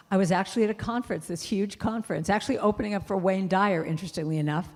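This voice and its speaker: A middle-aged woman speaks to a congregation, a singer turned spiritual speaker. She tells her story in an animated way and acts out each voice in it. Her voice rings out in a large church hall with a long reverb tail. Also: mid-range voice. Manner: lively storyteller, acts out dialogue.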